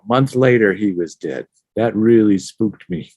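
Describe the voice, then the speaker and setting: A man who interviews and plays bass himself, telling a quiet, reflective story in casual chat. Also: expressive, moderate pace, no echo.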